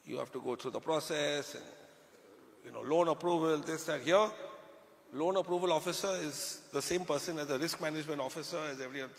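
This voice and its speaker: A man's voice: fairly high pitch, a little fast, slight background noise. Joking Indian man on a hall stage. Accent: Indian English. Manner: chatty, jokey, addresses the crowd. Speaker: business speaker. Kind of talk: motivational stage talk. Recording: hall reverb.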